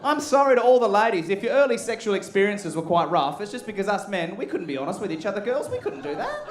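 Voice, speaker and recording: A man's voice: sits high, very animated, quick pace. An Australian man in his thirties doing crude, punchy stand-up as the show host, talking straight to a live crowd. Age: 30s. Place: comedy club stage with laughing audience.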